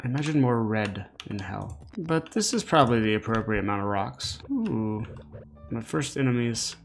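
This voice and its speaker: A tired man hosting a relaxed gameplay commentary, sassy and rambling with joking asides. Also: mid-range voice, moderate pace, gravelly, soft background music. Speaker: let's play host.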